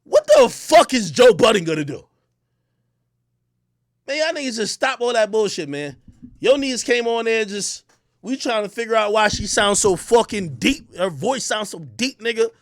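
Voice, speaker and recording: A young man from Jamaica ranting on a livestream, loud, profane and boastful. He swings between shouting and muttering. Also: high-pitched, sing-song, normal speed, no room sound, studio quality. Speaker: livestream host.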